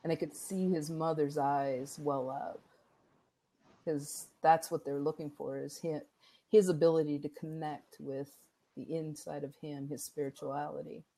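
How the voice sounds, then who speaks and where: Low-voiced calm woman guest. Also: gravelly, rough recording. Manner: thoughtful, calm, pauses to find words. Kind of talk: casual interview chat. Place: home with a dog nearby.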